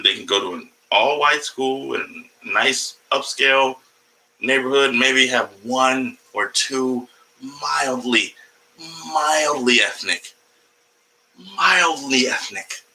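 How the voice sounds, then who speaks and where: A man with a mid-range, sharp-toned voice does a profane, casual comedy livestream from home, wandering from topic to topic and chatting with his cat mid-stream. The audio is poor, with a little hiss or hum.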